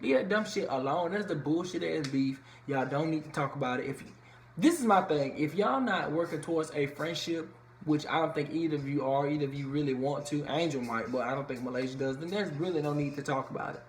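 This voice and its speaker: A man with a fairly high-pitched voice rants casually and bluntly, swearing a lot, as he reviews a reality show from a room in his home. It's casual vlog commentary, recorded in an echoey room with faint ambience and a slight hiss or hum.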